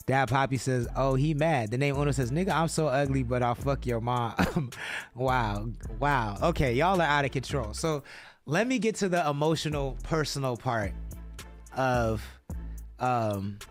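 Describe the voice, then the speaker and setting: A man hosting a live hip-hop radio stream, chatting loosely and reading viewer comments aloud with plenty of swearing. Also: mid-range voice. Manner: loose, reads chat aloud, swears freely. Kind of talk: casual live-stream chat.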